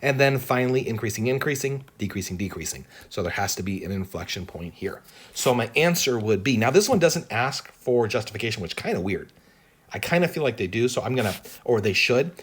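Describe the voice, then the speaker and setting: A man's voice: medium pitch, lively intonation, fairly quick, breathy edge. A man teaching an exam-prep calculus lesson, thinking aloud as he works through the problem and often checking in with "right?". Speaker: math teacher.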